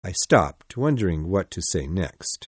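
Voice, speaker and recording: A man narrating a storybook in the first person, in an expressive, measured reading. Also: low voice, breathy edge, no room sound. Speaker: audiobook narrator.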